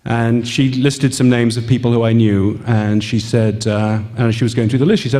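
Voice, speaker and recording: A man tells a personal story to a live audience, halting often with ums and gently poking fun at himself. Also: medium pitch, fairly even intonation. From England. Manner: halting, with frequent ums and gentle self-mocking humor. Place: event hall. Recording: long reverb in a hall.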